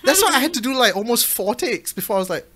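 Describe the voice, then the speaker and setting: An excitable podcast co-host chatting casually with friends. The voice swoops up and down with lots of life and has a bright, sharp edge. Stories tumble out with plenty of enthusiasm. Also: mid-range voice, fast talker, husky. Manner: animated, excitable storyteller. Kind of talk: casual chat.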